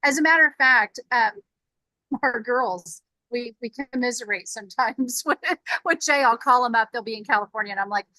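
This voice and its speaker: An enthusiastic woman guest chatting on a podcast and laughing easily. Her voice is high and bright, and the recording is dry. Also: normal speed, no echo, poor audio. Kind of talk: casual interview chat.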